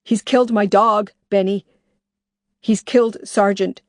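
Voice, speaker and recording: A woman's voice: medium pitch, fairly even intonation, a little slow, no room sound, clean studio sound, pitched above the performer's own voice, natural voice. A woman voicing a desperate, determined woman who talks in an urgent, pressing way.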